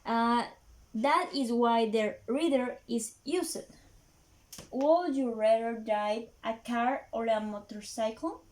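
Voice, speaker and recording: Slow, high-voiced woman explaining grammar. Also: a little mellow. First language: Spanish. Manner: slow, halting, many fillers and restarts, non-native phrasing. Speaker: English student presenting a lesson. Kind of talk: classroom grammar presentation.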